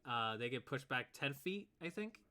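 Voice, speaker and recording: Bright-voiced man running a tabletop game. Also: medium pitch, lively intonation, moderate pace. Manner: laid-back, chuckling, counting out movement. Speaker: game master.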